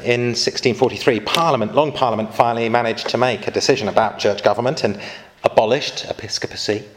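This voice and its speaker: Brief: male lecturer, mid-pitched, informal history talk full of asides to his audience. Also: slight background noise. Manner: chatty asides and rhetorical questions to listeners.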